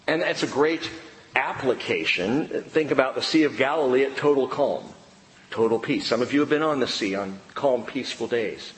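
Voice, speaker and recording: A middle-aged man preaching a sermon, swinging between loud bursts and hushed lines. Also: mid-range voice. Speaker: pastor. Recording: reverberant hall with faint room noise.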